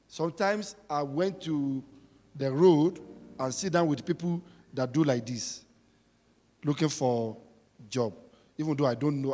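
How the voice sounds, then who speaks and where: A man preaching a sermon, emphatic and repetitive, swinging between shouting and quiet talk. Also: on the high side, in a large hall.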